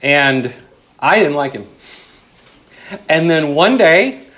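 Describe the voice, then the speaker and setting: A married man preaching a sermon, earnest and conversational, dropping to a hushed voice on key points. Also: fairly high pitch, animated, slow. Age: adult, married with children. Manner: earnest, drops to a hushed voice for emphasis; conversational asides with self-deprecating humor. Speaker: pastor.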